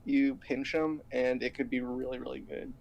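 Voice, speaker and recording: A man's voice: medium pitch, little pitch movement, moderate pace, creaky, slight background noise, poor audio. A man co-casting a video game match who keeps his voice down so a roommate can sleep. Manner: talks quietly to avoid waking a roommate. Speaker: esports co-caster. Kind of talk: casual esports commentary.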